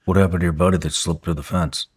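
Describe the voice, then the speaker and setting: A man's voice: low-pitched, fairly even intonation, fast, husky. A man hosting an interview, reacting briefly and asking short questions. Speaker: host.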